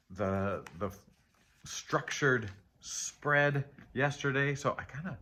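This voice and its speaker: A man hosting a casual tarot reading, rambling and reflective, often trailing off, questioning himself and laughing softly at himself. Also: medium pitch, background noise. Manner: candid and self-deprecating, with soft laughs. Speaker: tarot reader and channel host. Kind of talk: casual spiritual chat while reading tarot.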